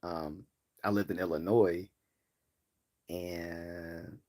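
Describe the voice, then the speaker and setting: Low-voiced man rambling on a livestream. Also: steady tone, drawn-out words, darkish tone. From Baltimore, US East Coast. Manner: rambling, many fillers and restarts, laughs easily. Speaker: livestream host reading chat. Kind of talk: casual live-stream chat.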